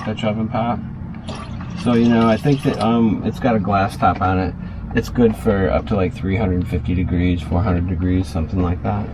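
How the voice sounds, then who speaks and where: A man's voice: on the low side, background noise. A man chatting loosely through a casual cooking vlog inside his small RV, full of fillers and asides.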